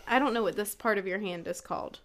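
A woman's voice: mid-range voice, quick pace. A woman co-hosting a podcast in casual chat, chatty and rambling, trailing off and restarting her stories. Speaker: podcast co-host.

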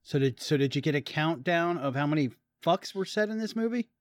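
A man's voice: a little high, expressive, fairly quick, no echo. A man chatting casually with a friend about a movie, joking and rambling, often restarting his sentences. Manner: joking, rambling, self-interrupting. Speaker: podcast co-host watching a movie. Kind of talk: casual chat.

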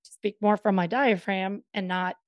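Woman, mid pitch, curious and chatty co-host, dry close recording. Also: fairly even intonation, no echo, highs cut off. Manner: curious, chatty, quick to laugh. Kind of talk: casual advice chat.

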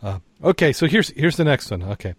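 A man co-hosting a relaxed podcast chat, his voice close and dry with no room sound. He stumbles and doubles back over his words, then lands corny puns and laughs at them himself. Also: medium pitch, no room sound. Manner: halting, repeats words, chuckles at his own puns. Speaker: podcast co-host. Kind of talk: casual chat with corny jokes.

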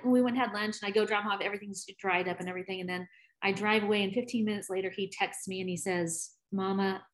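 A woman's voice: mid-range voice, steady tone, fast talker. A middle-aged woman, a podcast guest, telling frank personal stories in a chatty way and laughing easily. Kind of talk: candid personal storytelling.

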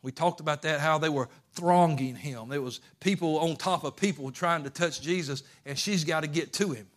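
A man pastor preaching a fervent sermon, moving from quiet asides to shouting. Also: a little high, moderate pace. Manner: fervent, swings from hushed to shouting.

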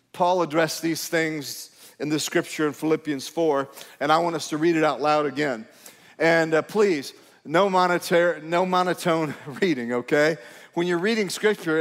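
A man's voice: a little high, long reverb tail. A male pastor, preaching in a conversational, emphatic way to his congregation. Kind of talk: sermon. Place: church sanctuary.

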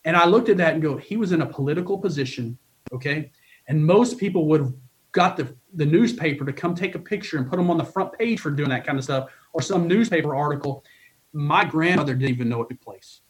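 A middle-aged man coaching college baseball speaks in a podcast interview with a voice a little higher than most men's. He tells stories earnestly and with feeling, stumbling over restarts and repeating words as he goes. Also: a little fast. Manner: earnest, emotional storytelling with many restarts.

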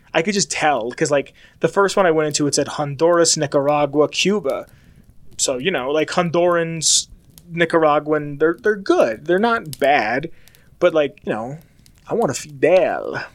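A man's voice: fairly high pitch, fairly bright tone, no echo. Chatty rambling American man. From United States. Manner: chatty, rambling, lots of "like" fillers. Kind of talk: casual rambling monologue.

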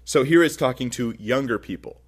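A man preaching a sermon, teaching verse by verse from scripture with animated, rising and falling emphasis. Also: mid-range voice, fairly quick. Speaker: pastor.

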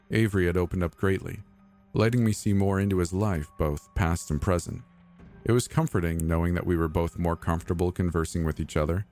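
A man narrating a scripted horror story in a soft, measured, even reading. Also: low voice. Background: faint music.

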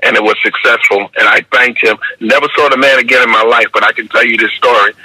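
An older man with a New York accent, talking in a measured, reflective way during an interview and often checking in with "you understand?". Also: medium pitch, fairly even intonation, pushed and bright, breathy edge, no room sound, low-quality recording. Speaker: guest, basketball referee mentor.

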